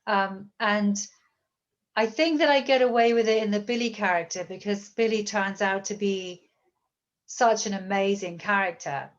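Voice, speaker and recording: A woman's voice: mid-range voice, moderate pace, lo-fi sound. A British woman author answering audience questions in a thoughtful, hesitant way, often repeating words. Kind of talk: bookstore author Q&A.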